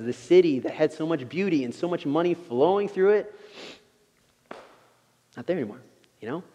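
A man preaching a sermon in an unhurried, conversational way, often saying "you know". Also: mid-range voice, warm tone, in a large hall.

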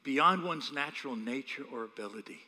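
A man, a pastor, preaching a sermon with animated, humorous storytelling. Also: mid-range voice, brisk, in a large hall.

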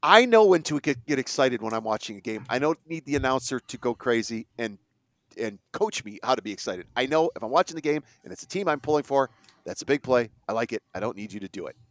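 A man's voice: mid-range voice, fast, dry recording. A man hosting a sports podcast, ranting in exasperation in casual talk. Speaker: podcast host.

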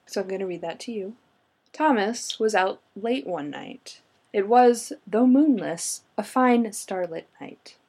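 A woman's voice: mid-range voice, animated, a little slow, darkish tone, breathy edge. A woman chatting casually with friends and reading a folklore account aloud dramatically, often breaking into laughter.

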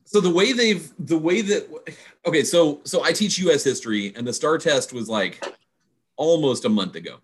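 A man co-hosting a podcast, a teacher, talking casually in a halting, rambling way. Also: fairly high pitch, animated, slight background noise. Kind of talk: casual chat.

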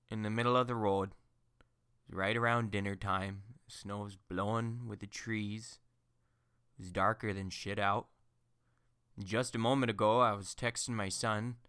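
A man's voice: lowish voice, a bit bright, clear, resonant tone, no room sound, studio quality. A middle-aged man from Minnesota, hosting a podcast and telling a story in a rambling, folksy way full of fillers.

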